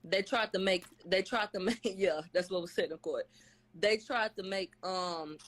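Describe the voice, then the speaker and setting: A woman's voice: medium pitch, normal speed. A woman giving a casual, profane live recap, rattling off what people said and acting out their quotes. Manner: blunt, profane, slangy, quotes testimony in acted voices. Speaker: vlogger recapping a court case.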